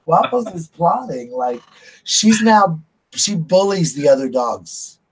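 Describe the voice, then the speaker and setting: Man, husky voice, chatty vlogger who laughs at his own tales. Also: a little high, sing-song, takes it slowly, low-quality recording. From United States. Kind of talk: casual storytelling.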